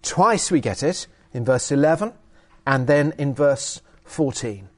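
A man's voice: mid-range voice, lively intonation, a little slow. A man preaching a sermon and reading from the Bible, emphatic with hesitant fillers.

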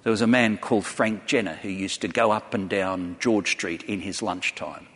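A man's voice: lowish voice, fairly even intonation, normal speed, a bit bright. A man preaching a sermon to a large congregation, telling stories earnestly and putting direct questions to his listeners. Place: church hall before a large congregation. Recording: long hall reverb.

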